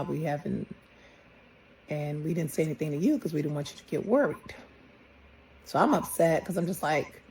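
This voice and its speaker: A middle-aged woman, a mother slowly retelling a personal story and quoting the people involved. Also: sits low, a little mellow, slight background noise, rough recording. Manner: plain, halting retelling with quoted dialogue. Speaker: grieving mother.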